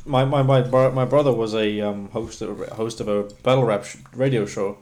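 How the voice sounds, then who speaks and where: A man from New Zealand, a guest in a casual podcast chat, talking in an animated way and laughing easily. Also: mid-range voice, normal speed.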